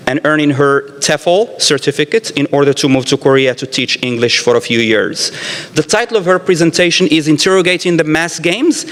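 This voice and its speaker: A man with a fairly high voice introduces the next speaker, reading formal academic phrasing from his notes. His voice rings with a long hall reverb. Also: fairly bright tone. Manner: formal, reads from notes with slips. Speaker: event moderator. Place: lecture hall.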